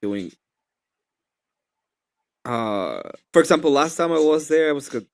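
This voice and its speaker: A man's voice: fairly high pitch, expressive, measured pace. A man chatting casually on a stream, speaking hesitantly and often trailing off. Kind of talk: casual chat.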